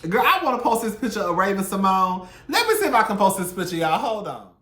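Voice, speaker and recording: Brief: male gossip vlogger, sassy and animated, slightly high voice, roomy echo. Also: fast talker. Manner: sassy, animated, profane, swings loud and soft. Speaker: YouTube commentary host. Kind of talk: casual celebrity gossip commentary.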